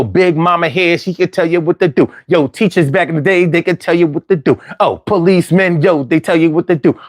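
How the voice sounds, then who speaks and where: A man's voice: on the high side, no room sound, studio quality. A man hosting a call-in talk show, talking with lots of repetition and street slang. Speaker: host.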